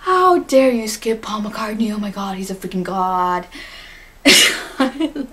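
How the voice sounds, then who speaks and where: A woman's voice: medium pitch, lively intonation, measured pace, fairly bright tone. A teenage girl in a casual vlog monologue, answering fan questions in a chatty, giggly, gushing way with lots of fillers. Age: teens.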